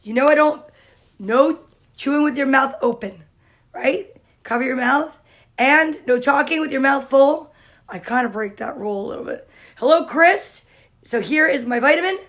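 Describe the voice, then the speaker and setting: A woman hosting a casual livestream, greeting viewers by name and chatting in a cheerful, drawn-out way. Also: sits high, fairly bright tone. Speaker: livestream host.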